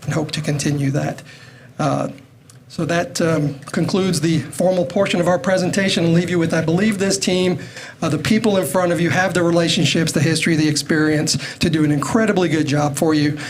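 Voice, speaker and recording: Higher-voiced man closing a business pitch. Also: steady tone, a little fast, slight background noise. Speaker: presenting contractor.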